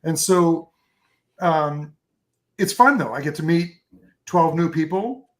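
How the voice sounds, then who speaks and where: Upbeat guy rambling thru stories in an interview, lots of ums, kinda high voice. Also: expressive, takes it slowly. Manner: enthusiastic, rambling storyteller with many fillers. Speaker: photographer guest. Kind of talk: casual interview chat.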